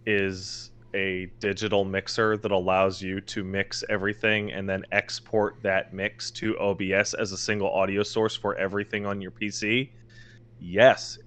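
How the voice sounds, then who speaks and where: A man's voice: low voice, a bit bright. A man co-hosting a casual podcast, telling stories animatedly, exasperated and swearing often. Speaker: podcast co-host.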